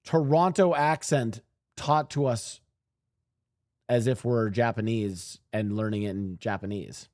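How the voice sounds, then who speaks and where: A man's voice: on the low side, a little slow, darkish tone, no echo, clean studio sound. A man streaming and reacting to clips, rambling animatedly and talking to his chat.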